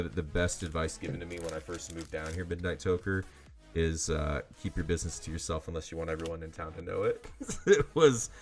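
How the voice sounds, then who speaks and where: A man talks in a loose, filler-heavy way while he hosts a card-selling livestream. His voice sits very low. Soft music plays quietly in the background. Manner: rambling and chatty, heavy on fillers. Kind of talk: casual livestream chat.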